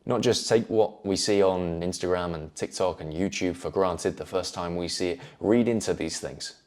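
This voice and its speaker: A man giving a measured, earnest motivational talk, repeating phrases for emphasis. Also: deep voice, a little mellow. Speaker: self-improvement video host.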